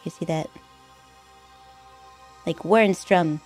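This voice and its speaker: A woman streamer chats casually while she plays a game, thinking aloud. Her voice sits a bit low. Faint game music plays under her talk. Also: slow pace, a little mellow. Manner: chatty, thinking aloud with fillers and laughs. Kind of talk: casual gameplay commentary.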